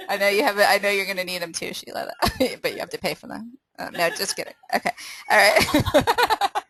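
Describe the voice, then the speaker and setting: A woman's voice: medium pitch, fast talker, fairly bright tone, no echo, rough recording. A woman hosting a casual sales training call, upbeat and laughing often, running a quiz and restarting her sentences.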